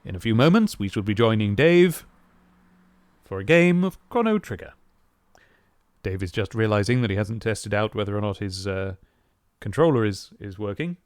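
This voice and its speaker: Man doing plummy old-style TV continuity announcer, measured, formal. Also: fairly low pitch, animated, no echo, clean studio sound, voice pushed down, close to an everyday voice. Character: old-fashioned posh male TV continuity announcer.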